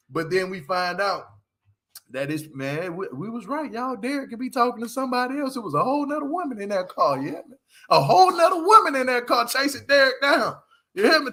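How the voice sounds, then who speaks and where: Slangy, high-voiced man recapping TV. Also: fairly quick. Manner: slangy, animated, laughs often. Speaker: reality TV recap host. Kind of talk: casual commentary vlog.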